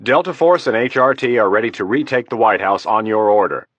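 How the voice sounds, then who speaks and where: A blunt, insistent army general, voiced by a man reading an audiobook, low and forceful. He presses every point with urgent firmness. The sound is dry and close. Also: lively intonation, brisk, dry recording, dull audio. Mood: urgent firm.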